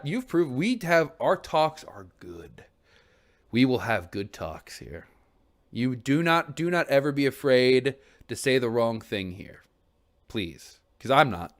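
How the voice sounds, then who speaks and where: A young man thinks out loud on his own stream. His talk rambles, circles back with restarts, and is sprinkled with casual swearing. He sounds candid and earnest, as if confiding in whoever is listening. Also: medium pitch. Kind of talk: reflective solo stream chat.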